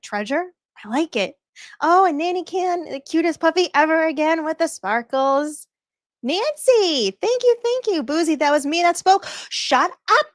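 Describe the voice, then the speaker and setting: A woman's voice: sits high, no echo, clean studio sound. A woman hosting a livestream, talking casually with viewers and laughing often. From Norfolk County area. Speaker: livestream host. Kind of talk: casual live commentary.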